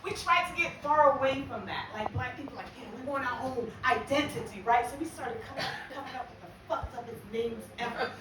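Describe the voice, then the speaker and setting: A brash older woman from the United States tells profane stand-up stories in a high voice. She sounds distant from the mic in a very echoey room, with clear background noise behind her. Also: fairly quick, few pauses, a bit bright. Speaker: stand-up comedian. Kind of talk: stand-up comedy set. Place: comedy venue with a live audience.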